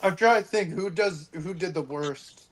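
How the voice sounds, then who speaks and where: A man on a casual chat panel, chatty and quick to joke. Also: high voice. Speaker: panel guest.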